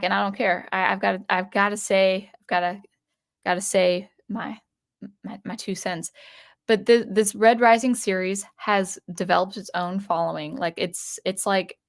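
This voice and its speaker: A woman's voice: mid-range voice, vocal fry. A woman hosting her own livestream, chatting casually in a rambling way with many restarts and repeated words. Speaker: channel host.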